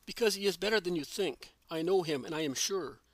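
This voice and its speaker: A man voicing a calm, solemn and gentle male religious teacher in a read-aloud story. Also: high voice, a little fast, no room sound.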